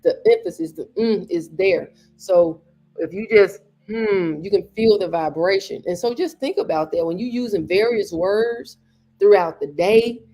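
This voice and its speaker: A woman's voice: mid-range voice, unhurried, warm tone, soft background music. A woman hosting a podcast, giving an earnest motivational talk and repeating phrases for emphasis. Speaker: podcast host.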